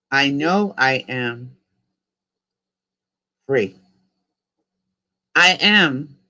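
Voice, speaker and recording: A man from New York with a New York accent, a spiritual coach leading listeners through slow, rhythmic chanted decrees for them to repeat. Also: fairly high pitch, bright, forceful tone.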